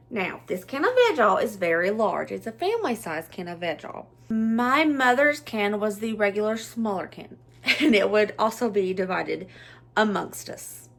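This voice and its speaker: A woman's voice: mid-range voice, lively intonation, normal speed, a bit bright. A middle-aged woman with a Southern US accent, chatting nostalgically through a casual home cooking vlog and laughing often. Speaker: cooking vlogger.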